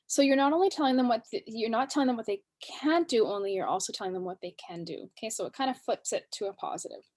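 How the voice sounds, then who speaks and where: A woman in her thirties with a fairly high voice talks casually as a parenting coach. She often slips into short scenes and plays both the parent and the child. Her delivery stays lively and warm in tone throughout. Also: fast. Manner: acts out parent and child lines with lively shifts. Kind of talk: casual workshop talk.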